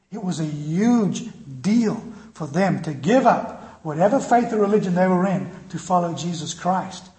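A man preaching a sermon with impassioned storytelling, swinging from loud to quiet. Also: sits high, lively intonation, measured pace, hardly any pauses. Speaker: pastor. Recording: echoey room with faint noise.

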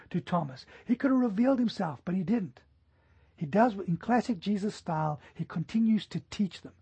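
A man preaching a sermon in a high, husky voice with a mellow, dark tone. He tells stories in an animated way, rising to emphatic peaks. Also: muffled recording. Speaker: pastor.

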